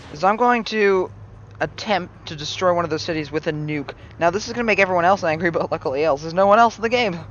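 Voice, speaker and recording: This is a man doing let's play commentary, his voice sitting somewhat high for a man. He talks excitably, drops into quiet grumbling and then breaks into sudden shouts. A faint background hiss runs under the recording. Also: highs cut off. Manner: excitable, swings between mumbling and sudden yells. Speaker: gaming channel host.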